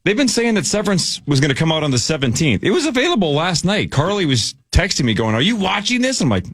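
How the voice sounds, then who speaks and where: A man's voice: a little high, big pitch swings, quick pace, fairly bright tone, dry recording, clean studio sound. A man hosting a radio show, chatting casually and telling stories in a joking way. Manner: joking, storytelling. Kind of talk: casual chat.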